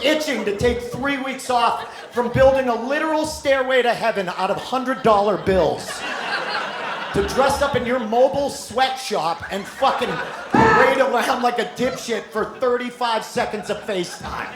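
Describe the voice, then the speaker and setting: A man doing a stand-up set in a theater, loud and mocking, swearing and acting out voices. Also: very high voice, moderate pace. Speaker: stand-up comedian. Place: theater stage before a live audience. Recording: echoey live theater recording with noise.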